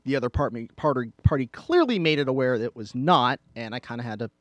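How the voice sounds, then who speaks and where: Relaxed chuckling man, dry studio mic. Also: medium pitch, fast, dry recording. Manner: relaxed, chuckling, explains at length. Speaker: podcast co-host. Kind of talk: casual chat.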